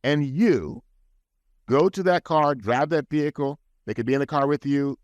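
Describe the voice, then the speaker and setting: A man's voice: a little high, normal speed, darkish tone, no room sound, highs cut off. A man guest on a podcast, talking in an earnest, advising way with frequent restarts, recorded in a studio. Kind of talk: casual podcast talk.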